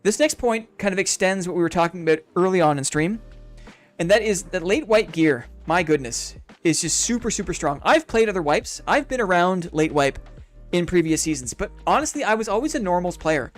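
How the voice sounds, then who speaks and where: A man's voice: high-pitched, expressive, fairly quick, soft background music. A man chatting casually on a live game stream, upbeat and reflective, rambling through his thoughts in a friendly way.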